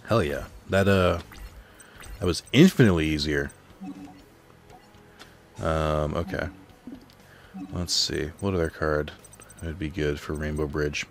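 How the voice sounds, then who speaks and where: A man's voice: extremely low pitch, slow, long pauses, faint music behind. A man thinking aloud while he plays a card game at home, rambling and reading out card text in casual commentary. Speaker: let's play host. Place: home apartment.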